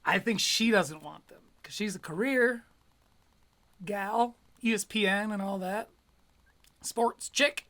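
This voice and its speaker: A man's voice: sits high, slow, long pauses, sharp tone. A man giving sarcastic, profane running commentary over clips as a streamer.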